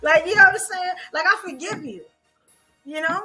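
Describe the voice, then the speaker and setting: A woman, co-hosting a podcast in an animated, emphatic casual chat. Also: very high-pitched, brisk, music in the background, rough recording. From New York. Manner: animated, emphatic, repeats herself. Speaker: podcast co-host.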